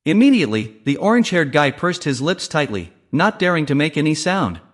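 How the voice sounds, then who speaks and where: Lively man narrating a comic recap. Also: on the high side, brisk. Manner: lively storytelling, reading every character's lines in the same voice.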